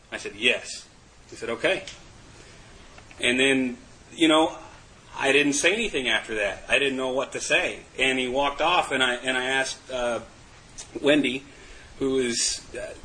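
A man's voice: medium pitch, sharp tone, rough recording. Candid man sharing his story. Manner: candid, self-mocking, laughing often. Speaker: recovery meeting speaker. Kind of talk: personal testimony to a group.

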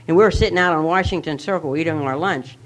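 A man's voice: fairly high pitch, quick pace. A man sharing a personal recovery story with a candid, self-mocking manner. He rambles, using many fillers and restarts.

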